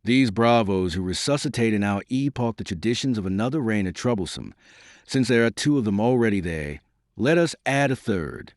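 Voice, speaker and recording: A man reading the lines of a smooth, scheming cardinal in an audiobook. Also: on the low side, expressive, normal speed, no echo, studio quality.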